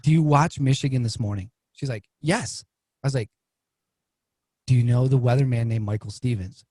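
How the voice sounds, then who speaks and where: A man's slightly rough voice, at normal speed and free of room sound, tells a casual story as a podcast guest. When he voices what others said, he becomes animated and his pitch jumps up.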